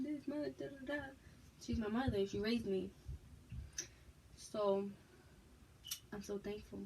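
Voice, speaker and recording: A woman's voice: mid-range voice, darkish tone, slight background noise, poor audio. A young woman from Massachusetts, frank and emphatic, telling her personal story to her viewers in a casual vlog. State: pregnant, expecting a child. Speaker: vlogger.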